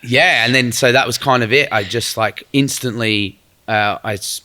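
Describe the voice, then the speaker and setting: A man's voice: medium pitch, normal speed, sharp tone. A young man telling a rambling story in a casual podcast chat, swearing freely and using lots of fillers. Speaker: guest musician.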